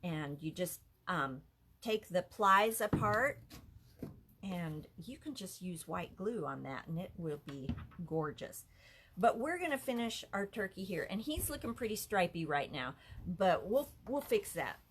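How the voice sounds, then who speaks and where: A woman's voice: lowish voice, very animated, unhurried, fairly bright tone, a little hiss or hum. A woman leading a live craft lesson from an art center office, chatty and easily amused. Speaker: art instructor.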